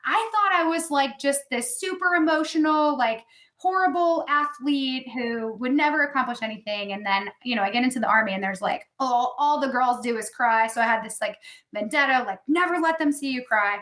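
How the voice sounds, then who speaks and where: This thirty-something woman has a high-pitched, fairly bright voice and talks at normal speed. She's a podcast guest sharing frank personal anecdotes in relaxed chat, leaning heavily on "like," recorded in an echoey space.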